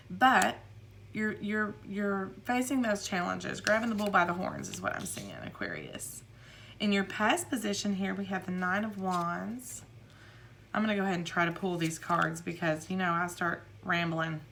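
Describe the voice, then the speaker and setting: A woman's voice: mid-range voice, a bit bright, a little hiss or hum. Rambling woman tarot reader. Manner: rambling, repeats words, acts out quotes. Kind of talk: casual tarot reading.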